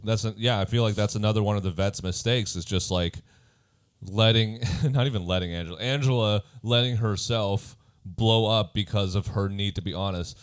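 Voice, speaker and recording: A man's voice: on the low side, normal speed, clear, resonant tone, no echo, studio quality. A man co-hosting a podcast, chatting loosely about a reality show with many fillers. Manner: relaxed, loose, lots of fillers and laughs. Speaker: podcast co-host. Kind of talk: casual chat recapping a reality show.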